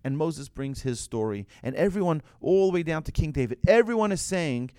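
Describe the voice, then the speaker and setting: A man's voice: fairly high pitch, lively intonation, brisk, dark tone, smooth, no echo, studio quality. A man, a rabbi, telling a story in a sermon, acting out the voices and often restarting his phrases.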